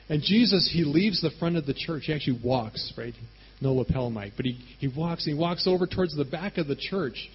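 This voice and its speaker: Husky-voiced man preaching conversationally. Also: fairly high pitch, fairly quick, dull audio. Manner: conversational, animated storytelling with frequent "right?". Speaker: pastor. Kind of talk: sermon.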